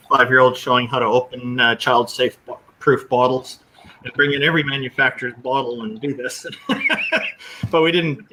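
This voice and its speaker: Guy with a bright sharp voice talking earnestly, faint hiss behind. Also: mid-range voice, rough recording. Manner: earnest, explains at length. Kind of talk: casual chat.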